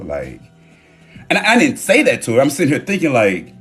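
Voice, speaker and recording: A man's voice: medium pitch, brisk, faint music behind. A man from Houston, Texas, talking casually and candidly on a phone live stream, emphatic and swearing freely. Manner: animated, emphatic, candid with profanity.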